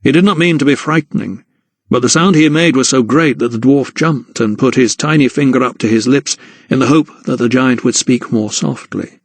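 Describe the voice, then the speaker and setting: A man reads an audiobook in a measured, steady storytelling voice of middling pitch. The recording is dry and close, with no room sound at all. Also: husky, dry recording. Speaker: audiobook narrator. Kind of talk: scripted narration.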